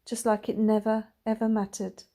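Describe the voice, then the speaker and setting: Woman gently reading a story aloud. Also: mid-range voice, level tone, normal speed. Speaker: reader.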